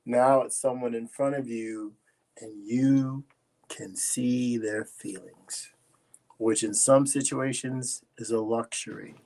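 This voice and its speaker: A man co-hosting a casual discussion, speaking in a measured, reasoning way. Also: medium pitch, steady tone, a little mellow. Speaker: co-host.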